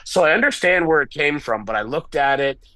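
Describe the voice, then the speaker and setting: A middle-aged man, a wrestling promoter, telling candid stories in an interview, animated and self-deprecating. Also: on the high side, fairly quick, no echo, poor audio.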